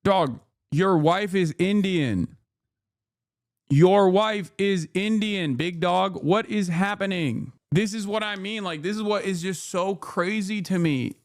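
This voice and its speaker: A man's voice: high voice, slow, no room sound, clean studio sound. A man in his thirties hosting a casual political reaction stream, talking in a profane, exasperated, emphatic way. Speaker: streamer host.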